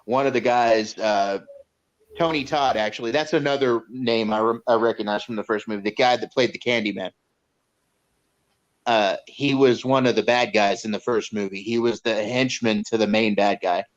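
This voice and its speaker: A man's voice: on the low side, steady tone, moderate pace. A man co-hosting a casual movie review, retelling scenes in a rambling way with many fillers and restarts. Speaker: podcast co-host reviewing a movie. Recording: dull lo-fi sound.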